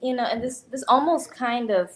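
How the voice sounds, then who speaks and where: A woman's voice: a little high, moderate pace. Earnest young woman with many fillers. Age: 20s. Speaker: panelist. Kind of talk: panel discussion.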